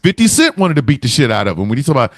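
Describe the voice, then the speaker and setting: A man hosting a casual comedy podcast, profane and animated, often acting out quotes in other voices. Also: mid-range voice, rapid-fire, dry recording, clean studio sound. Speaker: podcast host.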